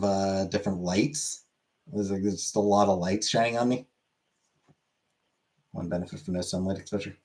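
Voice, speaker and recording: Laid-back, lower-pitched man chatting casually. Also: steady tone, a little mellow. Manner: laid-back, halting, repeats himself. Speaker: livestream host. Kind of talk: casual chat reading chat messages. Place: small room lit by many studio lights.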